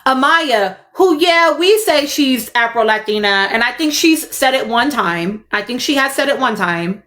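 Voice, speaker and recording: A woman's voice: a little high, lively intonation, a little slow, a bit bright. A young adult woman, hosting a casual commentary livestream, emphatic and fond of repeating her points. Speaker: livestream host.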